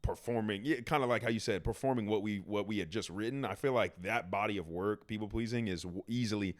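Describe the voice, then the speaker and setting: A man guest on a conversation podcast, a musician talking casually in relaxed slang and often calling his friends "bro". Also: fairly low pitch, fast talker.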